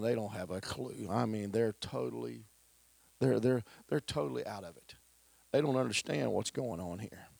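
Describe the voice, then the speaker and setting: Gravelly, husky male preacher. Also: medium pitch, dry recording. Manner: swings between loud preaching and hushed whispers. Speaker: pastor. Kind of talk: sermon.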